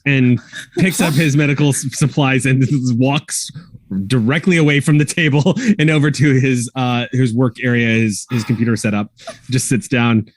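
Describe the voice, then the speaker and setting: A man narrating a tabletop game as game master, relaxed and full of fillers. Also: medium pitch, normal speed, dry recording.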